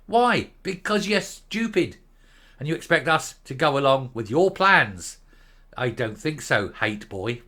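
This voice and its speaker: A man's voice: medium pitch, expressive, a little slow, sharp tone. An older man delivering a profane, scornful, sarcastic political rant for his video channel. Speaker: vlogger.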